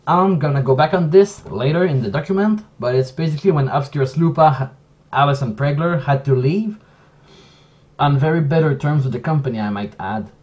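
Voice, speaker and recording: A man who speaks English as a second language, giving a casual commentary vlog in a halting, self-correcting way. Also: mid-range voice, darkish tone. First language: not English. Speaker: video essayist.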